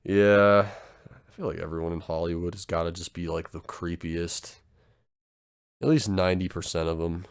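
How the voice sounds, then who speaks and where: A man's voice: low voice, steady tone, normal speed, clear, resonant tone. A young man co-hosting a podcast in casual chat, joking crudely and swearing often. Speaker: podcast co-host.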